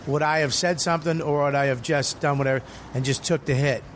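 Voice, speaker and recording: A man, a comedian hosting a podcast, telling a story in casual, profane, animated chat from a cigar lounge. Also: a little high, a little fast, slight background noise. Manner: profane, animated, acts out quoted people. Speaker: podcast host.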